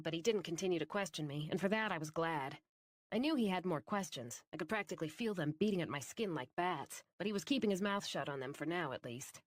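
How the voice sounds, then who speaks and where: A woman narrating a fantasy audiobook in first person, with a wry, brisk storytelling manner. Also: low voice.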